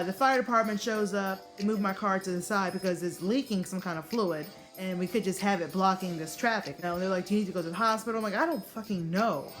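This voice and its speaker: A young adult woman from the United States telling a casual vlog story, swearing freely and acting out what people said in raised voices. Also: mid-range voice. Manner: animated, profane, acts out quotes in raised voices. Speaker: vlogger.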